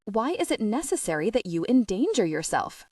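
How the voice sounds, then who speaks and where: A woman voicing a caring young married woman who speaks smoothly and measuredly. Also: fairly high pitch, big pitch swings, normal speed, darkish tone, no echo, clean studio sound, far from the mic.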